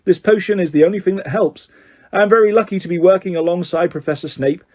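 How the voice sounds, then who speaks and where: A man voicing a calm, mild-mannered male teacher wizard in a storybook reading. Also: high voice, fast talker.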